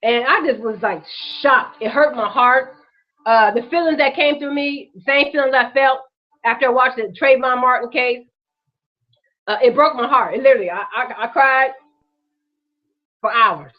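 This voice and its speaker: A woman with a high voice delivers heated commentary on her own show. She swears freely and fires off rhetorical questions. The recording is dull and lo-fi. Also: moderate pace, pauses often. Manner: fiery, profane, rhetorical questions. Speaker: host. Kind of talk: impassioned commentary vlog.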